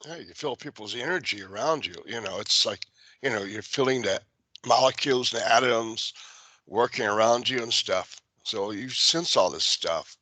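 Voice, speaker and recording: A man hosting a radio talk show, calm and reflective as he adds his thoughts. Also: medium pitch, normal speed, dry recording. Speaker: radio host. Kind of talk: casual radio chat.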